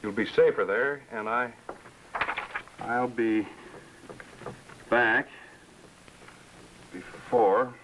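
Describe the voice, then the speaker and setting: A man's voice: medium pitch, extremely slow, long pauses, noisy background. An actor playing a joking, teasing American businessman-adventurer, in 1950s TV drama style.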